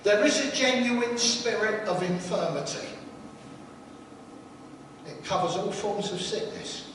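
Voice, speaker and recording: Older preacher in an echoey hall. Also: male voice, sits high. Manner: chatty, jokes with the congregation. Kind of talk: sermon with anecdotes. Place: church hall. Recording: echoey hall from far off, noisy.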